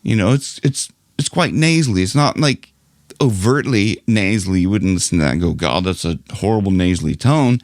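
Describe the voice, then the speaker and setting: A middle-aged man teaching singing in a casual, chatty online lesson, who keeps breaking into loud nasal sung demonstrations. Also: deep voice, animated, fairly quick, no room sound, studio quality. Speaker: vocal coach.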